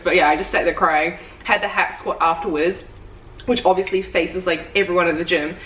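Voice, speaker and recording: A woman's voice: fairly low pitch, steady tone, a little fast, a bit bright. A young woman chats in a loose, rambling vlog style, her stories full of "like", sitting some way back from the mic. The room sounds echoey, with a faint ambient hum behind her. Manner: chatty storytelling, full of "like". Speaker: fitness coach. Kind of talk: casual vlog chat. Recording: roomy, distant, faint ambience.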